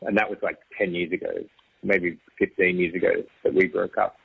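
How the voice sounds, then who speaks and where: A man telling his own story as an interview guest, rambling with restarts and soft laughs. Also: low voice, flat delivery, a little fast, creaky, husky, no echo. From Australia. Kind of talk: casual conversational storytelling. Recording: tinny phone-like line, dry.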